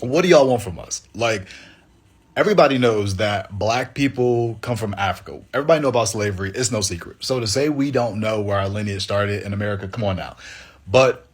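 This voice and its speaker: A man's voice: fairly low pitch, brisk, breathy edge. A man in casual commentary, bemused and questioning, laughing between points. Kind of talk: casual social media commentary.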